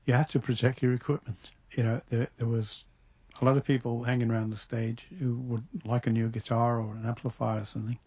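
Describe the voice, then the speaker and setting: An older man from Liverpool with a mellow, warm voice and a Liverpool accent. He answers interview questions reflectively, often restarting his sentences as he thinks back. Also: medium pitch, level tone, fairly quick, slightly rough. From Liverpool, England. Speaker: interview guest. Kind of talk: radio interview.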